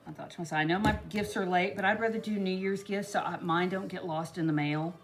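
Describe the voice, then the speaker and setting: A woman's voice: on the low side, brisk, soft background music. A woman chatting casually and rambling through a home DIY tutorial, full of asides to her viewers. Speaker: craft vlogger. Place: home kitchen.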